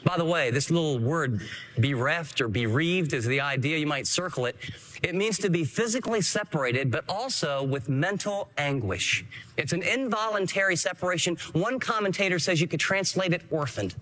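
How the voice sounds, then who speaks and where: A man's voice: a little high, lively intonation, moderate pace, fairly bright tone. A man preaching a sermon as pastor, earnest and emphatic, acting out short quotes.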